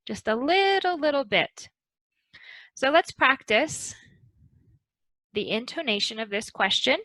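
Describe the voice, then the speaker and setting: A woman teaching an English pronunciation lesson, speaking slowly and carefully to model intonation. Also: a little high, bright, forceful tone, no room sound, low-quality recording.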